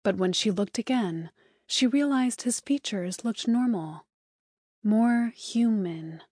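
A woman narrating an audiobook in smooth, even scripted storytelling, recorded close on a studio mic. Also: on the high side, slow, no room sound.

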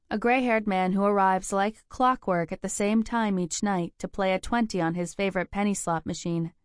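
A woman narrates a novel in first person with a steady, measured reading and a mid-range pitch. The recording is close and dry, with no room sound at all. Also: clean tone, no room sound. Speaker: audiobook narrator.

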